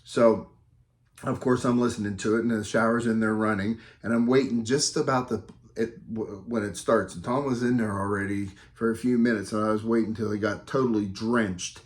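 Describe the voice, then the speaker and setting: A man telling a casual anecdote as a tribute, animated and rambling, with many fillers and self-corrections and an easy, self-amused humor. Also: lowish voice, moderate pace. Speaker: storyteller giving a recorded tribute.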